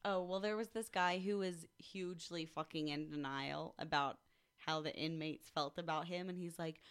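Her deep voice keeps a moderate pace and a clean tone as she co-hosts the news segment of a casual studio podcast. She reads a story aloud with animation, joking and swearing without restraint.

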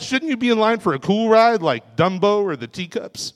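A man in his forties doing a stand-up comedy set on a club stage, delivering self-mocking punchlines in a deadpan way. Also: high voice, normal speed. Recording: reverberant club room.

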